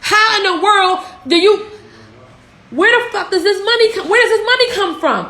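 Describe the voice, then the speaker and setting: A woman's voice: extremely high pitch, animated, moderate pace, pushed and bright. A young woman in Philadelphia giving a profane, fired-up livestream rant, firing off rhetorical questions. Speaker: social media business coach. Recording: echoey room.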